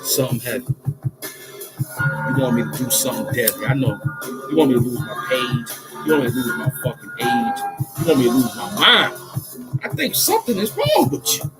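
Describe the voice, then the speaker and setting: A man from Harlem, freestyling and talking to camera in a swaggering, profane way, swinging from loud shouts to low mutters. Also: fairly quick, long pauses. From Harlem, New York. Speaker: rapper and vlogger. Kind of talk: freestyle rap and street talk to camera. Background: loud music.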